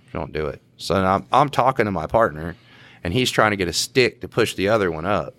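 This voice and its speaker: A man's voice: low-pitched, fast, fairly bright tone, no room sound. A man, a podcast co-host and police officer, telling work stories in a laid-back drawl. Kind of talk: casual storytelling.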